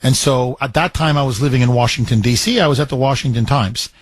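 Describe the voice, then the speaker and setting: A man hosting a talk radio show, telling a story with lively, repetitive phrasing. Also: medium pitch, quick pace, no echo. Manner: animated storyteller, repeats phrases. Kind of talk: talk radio chat with a caller.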